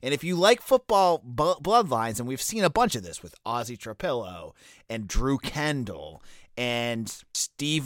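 A man with a Boston accent talks through football recruiting news in a loose, chatty way, full of "um"s and restarts. His pitch swings a lot as he goes, and the recording is close and dry with no room sound. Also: a bit bright, no echo. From Boston area. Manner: conversational, many fillers and restarts. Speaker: college football recruiting analyst. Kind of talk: casual solo commentary.

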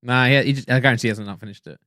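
A man's voice: mid-range voice, sharp tone, no echo, clean studio sound. A man co-hosting a podcast in casual chat, rambling with lots of fillers and restarts. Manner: fast rambling talk with many likes and restarts. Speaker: podcast co-host.

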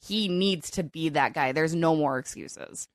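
A woman's voice: deep voice, measured pace, no echo, clean studio sound. A woman co-hosting a sports podcast, chatty and upbeat. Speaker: co-host. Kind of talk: casual sports podcast chat.

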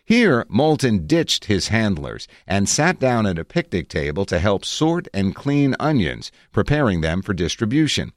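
A man narrating his own article in a reflective, measured way with wry asides, recorded on a close studio mic. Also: on the low side, very animated, no echo. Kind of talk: scripted narration.

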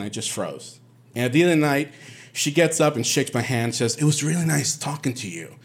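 A man from Puerto Rico telling a personal story on stage, animated and quoting others in lively bursts. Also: mid-range voice. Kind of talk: live storytelling.

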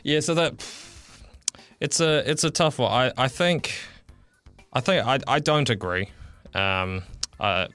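A man's voice: medium pitch, slow, long pauses, fairly bright tone, no echo, faint music behind. A man giving a radio sports update, hesitant, with many fillers and restarts. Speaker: sports reporter.

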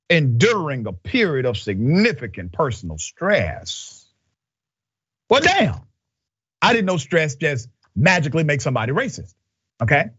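A man's voice: fairly high pitch, fairly bright tone, slightly rough, dry recording, lo-fi sound. A man hosting an opinionated news commentary show, emphatic and sarcastic, often checking in with "okay?".

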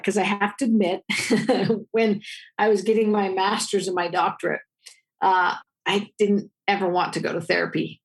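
A middle-aged woman, a therapist, answering interview questions and telling stories with lively acted-out dialogue. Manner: expressive storyteller, acts out dialogue with big pitch jumps.

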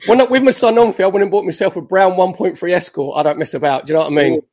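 A man in his fifties, a former footballer, telling lively anecdotes as a podcast guest with self-mocking jokes. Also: high-pitched, rapid-fire.

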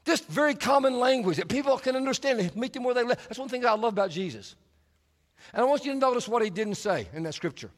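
A man preaching a sermon as pastor, emphatic and playful, leaning on deliberate repetition to drive points home. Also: very high voice, lively intonation. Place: large church auditorium. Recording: long reverb of a large hall.

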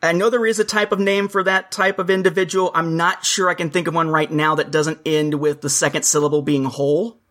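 A man's voice: a little high, little pitch movement, a little fast, hardly any pauses, fairly bright tone. Talkative man explaining in casual chat. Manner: talkative, explanatory, mimics quotes.

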